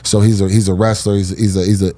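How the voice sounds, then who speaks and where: A man's voice: on the low side, level tone, quick pace, dark tone, no echo. A man, a fighter on a podcast panel, breaking down upcoming bouts in a laid-back, slangy way with casual swearing.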